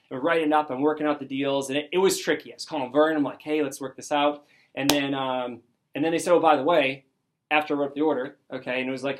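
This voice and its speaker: A young man gives a motivational talk to his sales team, his voice sitting a little high for a man. He tells the story excitedly and acts out each person's lines as he goes. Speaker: sales district manager.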